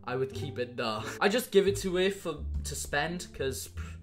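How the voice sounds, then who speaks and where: A young Welsh man talks through a quiz in a loose, banter-filled vlog voice, cursing freely. His voice sits a little high and swings all over the place. Guitar music plays behind him. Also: normal speed. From Wales. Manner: swearing, banter-filled, animated. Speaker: YouTuber. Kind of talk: casual vlog commentary on an online quiz.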